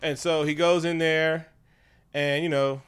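A man co-hosting a casual chat, talking in an animated, profane way and breaking into funny voices. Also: fairly high pitch, unhurried, clean tone. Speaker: podcast co-host.

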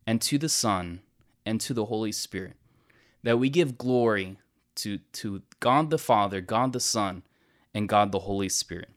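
A man teaching about a church hymn in an earnest, explanatory way, slowing down to stress key words and often restarting his sentences. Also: lowish voice.

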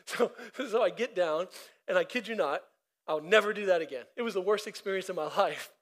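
A man's voice: sits high, brisk, a bit bright. A man preaching a sermon as pastor, emphatic and conversational, repeating himself and laughing at his own stories.

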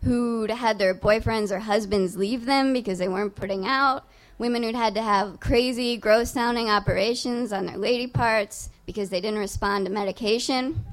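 A woman's voice: fairly high pitch, moderate pace, hardly any pauses. A young adult woman telling a personal story live on stage, in a casual, profane, self-mocking way. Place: on stage before a live audience.

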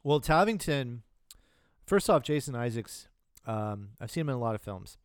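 A man co-hosting a podcast, talking casually about films, with relaxed swearing. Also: mid-range voice, moderate pace, clear, resonant tone, dry recording, studio quality. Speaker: podcast co-host. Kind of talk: casual chat.

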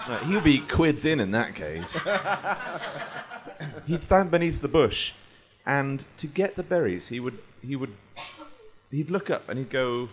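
A man's voice: on the high side, sing-song, takes it slowly, pauses often, a bit bright. A man hosting and narrating an improvised comedy game, with rambling, playful storytelling.

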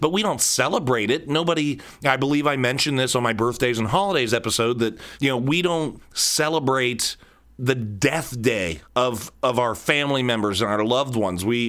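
A man's voice: mid-range voice, a bit bright. Candid man rambling through a solo podcast. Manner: candid, rambling, repeats words when emotional. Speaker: podcast host.

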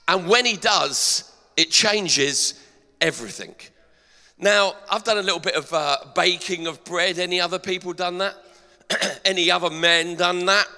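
A middle-aged man preaches a sermon, throwing rhetorical questions out to his congregation. His voice sits a little high and rings bright and forceful. The church hall around him lingers with a long reverb. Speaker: pastor.

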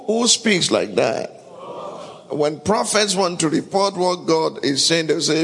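A man's voice: on the high side, animated, moderate pace, vocal fry, a bit bright. A man preaching a sermon, emphatic and calling out to the congregation for responses. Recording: long hall reverb.

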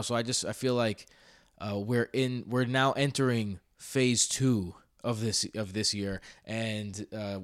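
A man hosting a casual sports podcast, talking in an excitable, rambling way with frequent restarts. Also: mid-range voice. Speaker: podcast host.

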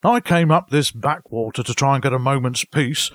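A man's voice: mid-range voice, normal speed, a bit bright, no echo, studio quality, close to an everyday voice. A man voicing a jovial, sociable male otter in a storybook reading, in a hearty, chuckling way. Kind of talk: storybook voice acting.

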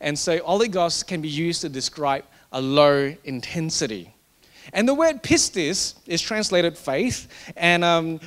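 A man's voice: high voice, a bit bright. A man preaching a sermon in a conversational, joking way, often restarting his sentences. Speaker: pastor.

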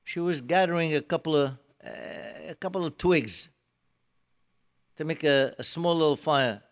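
A man teaching a religious class in short, measured phrases, quoting Hebrew verses and then explaining them in English. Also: fairly high pitch. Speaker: Torah teacher. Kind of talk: religious class retelling a scripture story.

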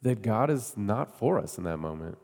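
A man's voice: on the low side, sing-song, normal speed, gravelly, a little mellow, in a large hall. A man preaching a sermon in a conversational way, often asking his listeners questions. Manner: conversational, asks the congregation questions. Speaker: pastor.

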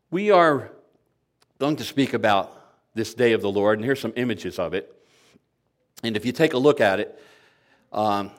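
A man in his sixties preaching a sermon to a congregation, conversational and lightly humorous, asking the listeners rhetorical questions. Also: medium pitch. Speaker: pastor.

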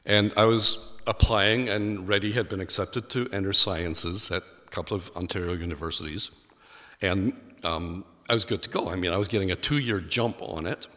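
Irish-accented male pastor, lively sermon storyteller, bright forceful tone, low voice. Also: normal speed, big-room sound. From Ireland. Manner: animated storyteller acting out quoted voices.

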